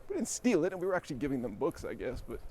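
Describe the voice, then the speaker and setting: A man's voice: on the high side, big pitch swings, rapid-fire, darkish tone, slight background noise. A man telling a rambling, self-deprecating story with little chuckles while riding a bike outdoors, out of breath. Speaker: vlogger. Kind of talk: casual storytelling while cycling.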